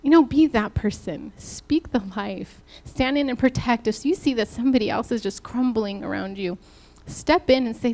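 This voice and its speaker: A woman preaching to a church in a lively, laughing, conversational sermon style. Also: a little high, moderate pace, vocal fry, few pauses. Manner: animated, laughing while retelling, addresses the church directly.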